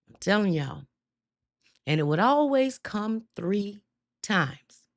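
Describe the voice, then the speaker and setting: A woman hosting a live stream, telling her faith testimony in an animated, casual storytelling way with loose everyday dialect. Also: medium pitch, slow pace, long pauses. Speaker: host.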